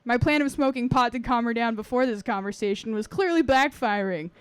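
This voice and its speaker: A woman's voice: on the high side, fairly quick, smooth, dry recording. A woman reading a personal story aloud to a live audience, wry and earnest.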